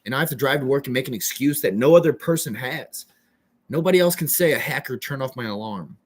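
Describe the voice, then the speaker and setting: A man's voice: mid-range voice, lively intonation, quick pace, breathy edge. Rambling young man, restless and trailing off. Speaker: person telling his own story. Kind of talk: casual monologue.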